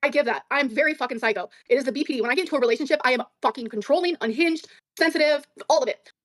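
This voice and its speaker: A woman arguing defensively on a livestream, swearing often and talking in rapid bursts. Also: high voice, fairly bright tone, dry recording. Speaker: livestream guest. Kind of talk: heated livestream argument.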